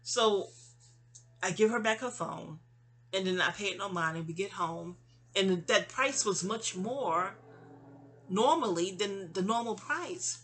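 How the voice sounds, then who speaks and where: A woman's voice: mid-range voice, a little slow, fairly bright tone. A woman hosting her own channel, venting in a casual, rambling monologue full of restarts and trailing asides. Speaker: channel host.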